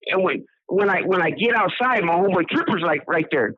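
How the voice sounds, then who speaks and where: High-voiced man on a tinny phone line. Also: expressive, brisk, breathy edge, dry recording. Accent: Southern California. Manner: rambling, repeats words, acts out quotes. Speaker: incarcerated man telling his story. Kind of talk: casual storytelling.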